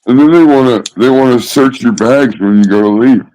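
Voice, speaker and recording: A man's voice: medium pitch, a little fast, crowd noise, rough recording. A man with a mid-range voice complains in casual chat, sounding exasperated and swearing freely. He chimes in with his own gripes.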